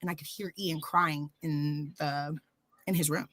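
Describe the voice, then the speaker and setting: A woman in her thirties, a podcast guest telling a candid personal story, animated and acting out the voices of people she quotes. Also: low-pitched, a little slow, low-quality recording.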